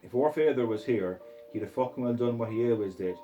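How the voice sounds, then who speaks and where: A man's voice: mid-range voice, fairly quick, dark tone, faint music behind, natural voice. A man voicing a prim, snooty Scottish sister in a put-on Scottish accent.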